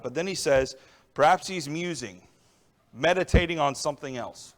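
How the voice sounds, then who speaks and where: A young adult man preaches a sermon conversationally, frequently checking in with listeners through "all right" and "right?" His voice is fairly high-pitched and a bit bright, animated, and moderately paced.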